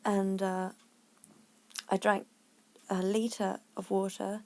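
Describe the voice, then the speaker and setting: A woman's voice: medium pitch, flat delivery, takes it slowly, dark tone. A woman vlogger, a bit out of breath, frankly telling a personal story in a chatty way that sometimes drops to a near whisper. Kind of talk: casual personal story to camera.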